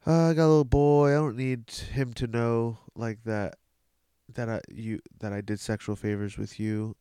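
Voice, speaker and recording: A man's voice: medium pitch, steady tone, normal speed, mellow, clean tone, no echo, studio quality, natural voice. A man doing an indignant warrior king. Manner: indignant, mocking. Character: stubborn, incredulous male warrior king. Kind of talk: improvised comedy bit.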